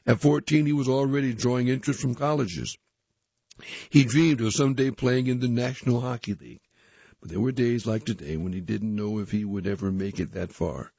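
A man reading a youth magazine aloud, articles and a story, in a plain, steady manner. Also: medium pitch, a little fast, vocal fry, no room sound. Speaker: reader. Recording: dull, dry recording.

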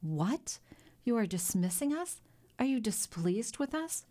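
A woman's voice: fairly low pitch, unhurried, darkish tone, natural voice. A woman doing a blunt old sailor. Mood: earnest.

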